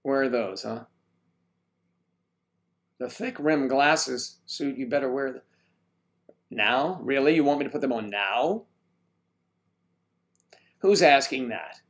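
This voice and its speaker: A man's voice: mid-range voice, slow, long pauses. An older man hosting a casual livestream chat, reading viewer comments aloud in a jokey, teasing way. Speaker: livestream host.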